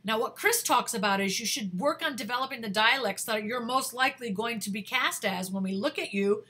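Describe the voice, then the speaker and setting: Woman, talent manager, career advice to camera, emphatic, repetitive, rambling fillers, bright tone. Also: fairly high pitch, brisk, slightly rough. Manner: energetic, emphatic, repeats words for emphasis; rambling, searches for words with many fillers.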